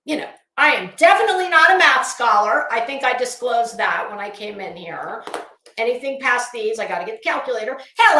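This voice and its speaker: A woman's voice: sits high, bright, forceful tone. A middle-aged woman giving a casual, blunt and profane rant as a YouTube commentator, heavy on sarcasm. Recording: roomy echo.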